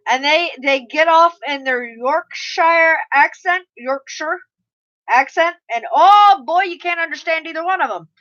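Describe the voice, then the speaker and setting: Middle-aged woman, high and bright, chatty streamer who swears and laughs easily, muffled lo-fi audio. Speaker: live streamer. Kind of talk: casual chat reading live comments. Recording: slightly muffled lo-fi mic audio.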